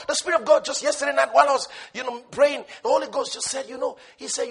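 High-pitched, impassioned male preacher. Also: quick pace, vocal fry, hardly any pauses, some chatter behind. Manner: impassioned, swings between shouting and hushed tones; repetitive, emphatic preaching. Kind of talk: sermon.

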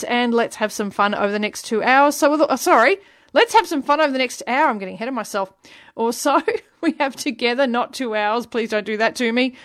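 A woman's voice: high voice, a bit bright. A woman hosting a radio show, chatting playfully between songs with confiding asides. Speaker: radio host. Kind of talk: casual radio presenting.

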